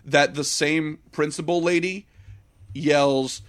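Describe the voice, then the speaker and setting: A man's voice: on the high side, steady tone, measured pace. Joking, profane man reviewing a movie. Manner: profane, jokey, acts out characters. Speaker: podcast co-host. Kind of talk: casual movie review chat.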